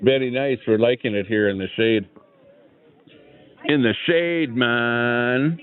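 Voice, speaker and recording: This man speaks at a medium pitch and a slow pace, his tone clean. Seated in a chair at an outdoor rally, he runs a live stream, chatting loosely and saying hello to chat viewers via a small clip-on microphone, with tinny, phone-like lo-fi sound.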